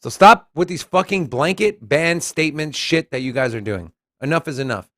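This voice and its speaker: A man co-hosting a casual crypto news show, blunt and animated, reading and commenting on articles. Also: on the high side, normal speed, no room sound, clean studio sound. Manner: blunt, animated, reads quotes aloud.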